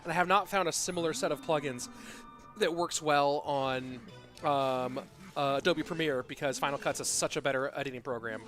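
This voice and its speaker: Guy casting a live esports match, slightly high voice, hyped play calls, music faint in the back. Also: moderate pace. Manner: excitable play-by-play, chatty asides to viewers. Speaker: esports caster. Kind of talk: live game commentary with chat. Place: Austin, Texas.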